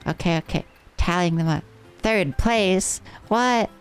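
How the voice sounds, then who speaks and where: A woman's voice: low-pitched, normal speed, vocal fry, soft background music. A woman streaming a game live, chatting playfully with her viewers as she plays. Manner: playful, rambling, chats with viewers.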